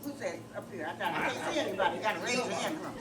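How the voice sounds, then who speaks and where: A woman's voice: mid-range voice, animated, racing. An older woman performing a stand-up comedy set, telling stories and doing crowd work in a club. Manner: storytelling, sings a comic song. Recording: echoey club audio, far from mic, noisy.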